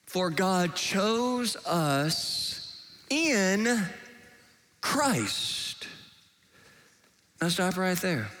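High-voiced, animated male preacher. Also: slightly rough. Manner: animated and emphatic, with sudden soft hushed asides. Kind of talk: sermon.

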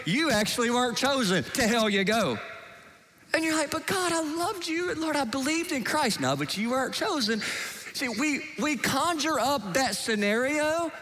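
A male preacher with a high-sitting voice delivers an animated, emphatic sermon, now and then dropping into soft, hushed asides.

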